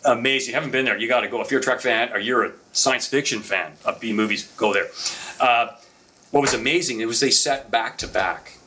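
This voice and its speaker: A middle-aged man on a podcast, telling stories in a casual, animated way with lots of fillers. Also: mid-range voice, a little fast, noisy background. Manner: animated anecdotal storyteller with frequent fillers. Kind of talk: casual storytelling chat.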